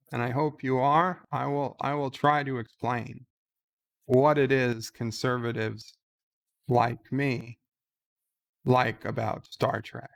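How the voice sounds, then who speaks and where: A man giving slow, halting casual commentary, reading out posts and answering them with many ums and uhs. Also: mid-range voice, creaky. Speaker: YouTuber reading and answering tweets.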